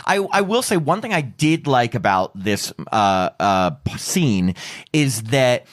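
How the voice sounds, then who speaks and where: A man's voice: mid-range voice, very animated, unhurried. A man hosting a podcast, chatting casually in a rambling way full of fillers and laughs. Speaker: podcast host. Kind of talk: casual chat.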